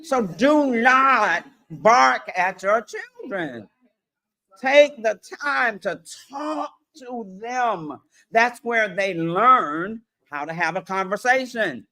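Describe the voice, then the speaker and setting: A woman coach giving a lively workshop presentation to parents, addressing the audience directly and often checking in with them. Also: on the high side. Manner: animated, acts out parents and children in quick voices; addresses audience directly with frequent "all right".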